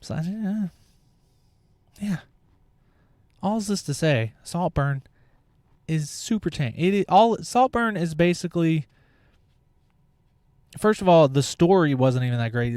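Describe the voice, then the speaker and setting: A man's voice: fairly high pitch, a little mellow, dry recording. Blunt, cursing young man ranting. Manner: blunt, opinionated, swears freely. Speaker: podcast host. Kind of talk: casual monologue.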